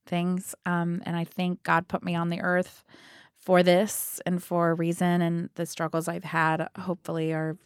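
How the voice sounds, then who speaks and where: A woman's voice: on the low side, completely flat delivery, clean tone, no echo, clean studio sound. A woman stage actress and singer as a podcast guest, talking candidly and laughing often. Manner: candid, quick bursts of laughter. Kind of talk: casual interview talk. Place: recording studio.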